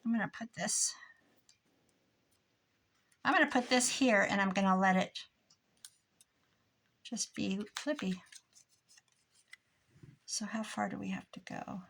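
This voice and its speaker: A woman's voice: mid-range voice, slow, creaky, long pauses, a bit bright. An older woman chatting casually and rambling in a mock-grumpy way as she works on a craft project. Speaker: crafting vlogger. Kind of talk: casual chat while crafting.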